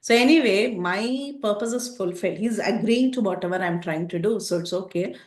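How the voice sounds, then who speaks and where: A woman's voice: mid-range voice, a little fast, natural voice. Woman doing a scheming young demon prince, smug inner voice, echoey room.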